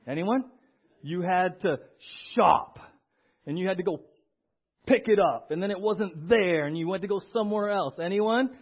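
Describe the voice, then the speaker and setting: A man preaching a sermon as pastor in a church, animated, acting out little voices and asking the congregation questions. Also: sits high, normal speed, slightly rough, lo-fi sound. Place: church sanctuary.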